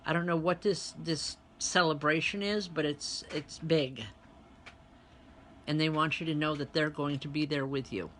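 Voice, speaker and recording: A woman medium giving a live online reading, chatty and direct with her viewers. Her voice is bright and forward. Faint noise sits behind her. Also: deep voice, steady tone, moderate pace. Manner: chatty, speaks straight to online viewers, relays spirit messages. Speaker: spiritual medium and reverend.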